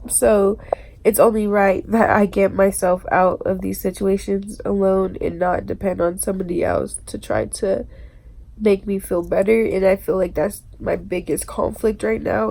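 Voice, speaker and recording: A woman crying as she talks alone to her own camera, in a halting, hesitant confession broken by nervous laughs and swearing. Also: mid-range voice, vocal fry, a little mellow. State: tearful, crying. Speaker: vlogger. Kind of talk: confessional self-recorded monologue. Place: alone indoors. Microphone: self-filmed camera.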